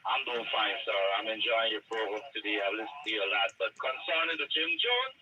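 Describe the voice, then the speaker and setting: A man's voice: on the low side, animated, pushed and bright, recorded from a distance, dull audio, a little hiss or hum. Polite Guyanese man calling in. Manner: polite and earnest, halting phrasing. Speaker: caller. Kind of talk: call-in talk radio.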